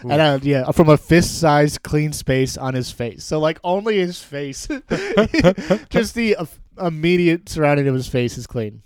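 A man talks through a novel with a friend in a loose, joking book-club style, reading bits aloud and cracking up at them. His voice is smooth and resonant. The recording is dry and close, with no room sound. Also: a little high, big pitch swings, unhurried, hardly any pauses, a little mellow, dry recording. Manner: laughs often, reads passages aloud with wry asides. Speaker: book podcast co-host. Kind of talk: casual book-club chat.

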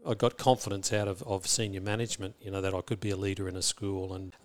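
A man's voice: sits low, fairly even intonation, fast talker. A middle-aged Australian man, a school principal, talking thoughtfully in an interview with many restarts and repeated words. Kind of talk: reflective interview talk.

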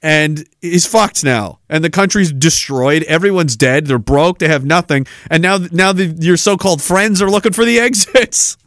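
A man's voice: a little high, normal speed, hardly any pauses, a bit bright, no echo, clean studio sound. A man hosting a podcast, ranting in a sarcastic, profane way. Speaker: podcast host. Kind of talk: political rant podcast.

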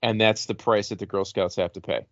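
Low-voiced swearing man on a dull podcast mic. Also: fairly even intonation, a little fast, no echo. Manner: rambling, swears freely, laughs at own jokes. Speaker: podcast host. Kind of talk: casual podcast chat.

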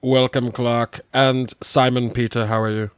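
A man co-hosting a comedy podcast with a slow, stately mock-host delivery. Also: mid-range voice, level tone, clear, resonant tone, no room sound, clean studio sound.

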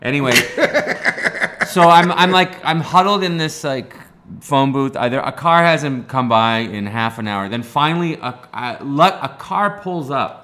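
A man from Canada spins a long, meandering story for his co-hosts. His voice sounds bright and forward, and he keeps breaking into laughter and tripping over his own restarts. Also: medium pitch, animated, moderate pace. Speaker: podcast co-host telling a story. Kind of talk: casual storytelling chat.

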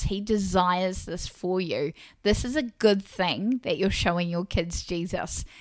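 Woman, podcast host, earnest and encouraging monologue, middle pitch, dry close sound. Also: no room sound. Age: adult parent of a young child. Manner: earnest, encouraging, speaks straight to listeners as "Mama". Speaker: Christian parenting podcast host. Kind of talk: faith-based podcast monologue.

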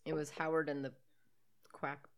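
Woman, lowish voice, casual movie riffing, sarcastic, giggly. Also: flat delivery, moderate pace. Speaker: podcast co-host. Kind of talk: casual movie commentary chat.

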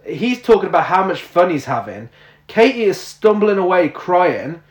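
A man's voice: high voice, sing-song, moderate pace. A man co-hosting a casual film review, recounting the plot with mocking disbelief. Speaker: podcast co-host. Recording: roomy echo.

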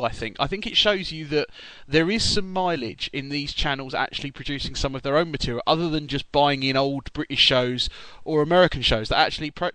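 A man's voice: fairly high pitch, fairly bright tone, dry recording, poor audio. Casual male podcast co-host, rambling, self-correcting, dry close sound. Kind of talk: casual chat.

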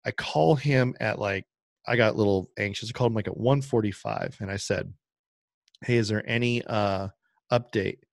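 Speaking at a moderate pace in a lowish, creaky voice, this man co-hosts a podcast and spins a long, rambling anecdote in casual conversation. He animatedly voices the quoted dialogue of the other people involved. Studio quality, no room sound.

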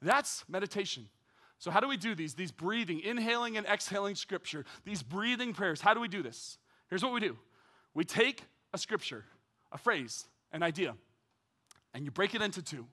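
Male pastor, sermon delivery, high bright voice, earnest repetitive cadence. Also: lively intonation, moderate pace. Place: church.

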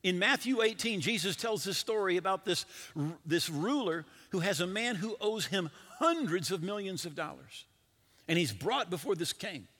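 A male pastor preaching a sermon in an animated way, asking his listeners questions directly. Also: high-pitched, moderate pace. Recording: long hall reverb.

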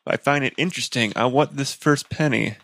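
A man co-hosting a casual podcast, chatting in a lively way and swearing casually. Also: mid-range voice, a little fast, no echo. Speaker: podcast co-host. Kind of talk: casual chat.

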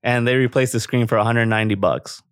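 A man's voice: medium pitch, quick pace, clear, resonant tone, no echo. Man, podcast co-host, casual rant, profane, laughing, dry sound. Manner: profane, animated, laughs often. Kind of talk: casual ranting storytelling.

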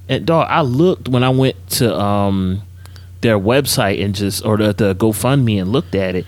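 A man co-hosting a podcast in casual chat, relaxed and slangy with many fillers. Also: fairly low pitch, moderate pace, dry recording. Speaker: podcast co-host.

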